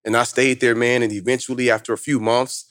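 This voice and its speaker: A man's voice: mid-range voice, level tone, fairly quick, a bit bright, no room sound, clean studio sound. A man telling his life story in a casual, emphatic, slangy conversation as a guest. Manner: emphatic, slangy, full of street talk. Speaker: guest, motivational speaker.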